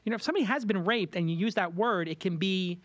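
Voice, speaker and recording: A chatty man from Brooklyn hosts a podcast in a loose, rambling way, correcting himself as he goes. His voice sits high for a man. The sound is dry and close, with no room around it. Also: fast talker, no room sound. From Brooklyn, New York. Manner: rambling, candid, self-correcting. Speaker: podcast host. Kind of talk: casual studio chat.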